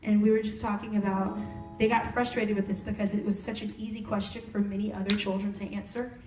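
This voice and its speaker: A woman who works as a music therapist, speaking softly and casually to campers between songs. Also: mid-range voice, little pitch movement, a little fast. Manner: soft-spoken, conversational, with y'all. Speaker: singer-songwriter and music therapist. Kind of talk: casual talk to campers and live singing. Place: camp room, live performance. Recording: roomy, distant mic, with loud guitar. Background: guitar playing.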